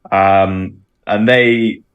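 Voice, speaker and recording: A man's voice: sits low, steady tone, very slow, dull audio. A man, a band's drummer, answering radio interview questions with many ums and restarts. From Bristol, England. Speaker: band drummer, interview guest.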